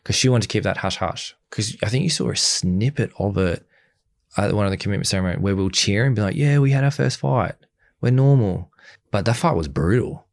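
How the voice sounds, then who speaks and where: A man's voice: low-pitched, fast talker, gravelly, no echo, clean studio sound. A young man in a candid interview, speaking bluntly and acting out the things people said to him. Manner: blunt and animated, acting out quoted dialogue. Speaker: interview guest.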